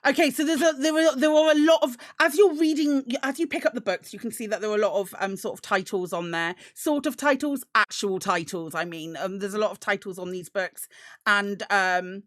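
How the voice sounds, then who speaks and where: A woman narrating as game master of a tabletop game, describing scenes with many pauses and restarts. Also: medium pitch, a bit bright, dry recording, clean studio sound. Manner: hesitant, many ums and restarts.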